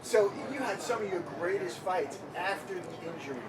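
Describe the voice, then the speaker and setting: A man's voice: high-pitched, animated, normal speed. A man interviewing a guest, asking his questions in an easygoing, prompting way. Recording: distant mic with room noise.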